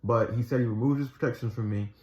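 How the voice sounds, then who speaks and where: A man's voice: medium pitch, quick pace, a little mellow. A man casually telling a personal faith story, rambling with restarts and earnest retellings. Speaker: Christian storyteller. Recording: echoey room, slightly dull sound.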